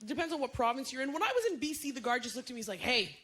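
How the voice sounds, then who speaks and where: A woman comedian performing a stand-up set on a club stage, animated and jumping into shrill impressions. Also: racing. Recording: loud audience laughter and room ambience.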